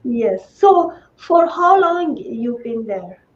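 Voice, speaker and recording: A woman host talks very slowly and reflectively, slipping in frequent "uh"s. The audio sounds dull and muffled, like a lo-fi video call, and her voice sits somewhat high. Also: sing-song. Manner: measured, reflective, many fillers. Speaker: host, coach. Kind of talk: interview talk.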